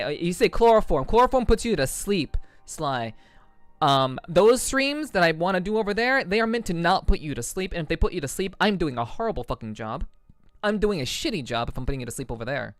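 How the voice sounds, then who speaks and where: A man's voice: high-pitched, no echo. A man chatting casually with his livestream audience in a profane, rambling way, often repeating himself and laughing. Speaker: livestreamer reading chat. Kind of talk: casual stream chat. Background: faint background music.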